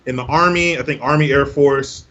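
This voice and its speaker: A man's voice: medium pitch, normal speed, fairly bright tone. A man hosting a casual talk show, easygoing and chatty. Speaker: show host. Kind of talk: casual chat. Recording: dull lo-fi audio.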